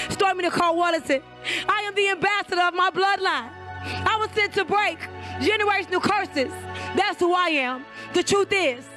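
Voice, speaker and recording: A woman's voice: extremely high pitch, pushed and bright. A woman motivational speaker on stage at a live event, preaching with repeated call-and-response commands.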